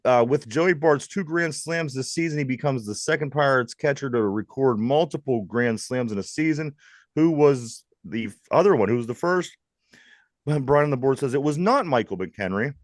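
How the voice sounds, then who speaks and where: A man's voice: mid-range voice, no echo. Chatty Pittsburgh man hosting sports talk. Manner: lively, jokey, laughs often. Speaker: host.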